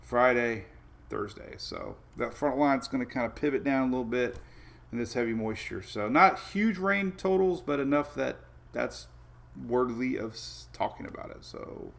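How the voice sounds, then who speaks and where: A man's voice: medium pitch, normal speed, vocal fry. A man hosting a casual weather livestream, rambling through maps with many fillers and restarts and greeting viewers by name. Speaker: weather show host.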